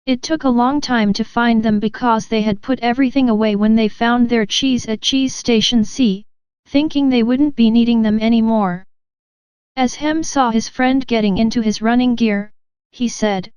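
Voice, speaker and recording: A woman narrates an audiobook in a steady, even reading. Her voice sits fairly high and is very clear and smooth. The recording is close and dry, with no room sound. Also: a little slow, no room sound. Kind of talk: scripted narration.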